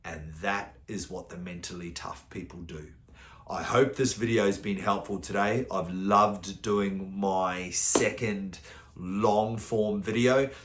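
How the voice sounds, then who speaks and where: A man gives a motivational talk as a mental performance coach. His voice sits fairly low. He tells casual stories, drops the odd swear word, and the room around him echoes. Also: fairly even intonation, takes it slowly, fairly bright tone. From New Zealand. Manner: casual storytelling, occasional swearing.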